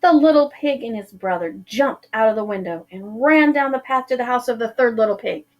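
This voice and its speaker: A woman teacher narrating a children's storybook aloud, slow and expressive. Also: a little high, lo-fi sound.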